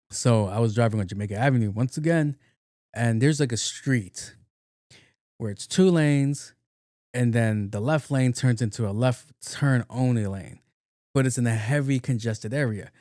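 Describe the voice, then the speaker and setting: Casting note: young New man, podcast host, mellow low-toned voice, loose and profane. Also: dry recording, studio quality. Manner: profane, animated retelling with acted-out quotes. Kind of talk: casual solo storytelling.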